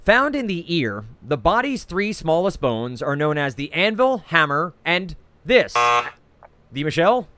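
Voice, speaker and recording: Jersey-accented male quiz host, slightly high, very lively delivery, dry video-call sound. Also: no room sound. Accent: New Jersey. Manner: reads each clue twice, brisk and chatty, with frequent "uh". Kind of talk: reading trivia clues and scoring.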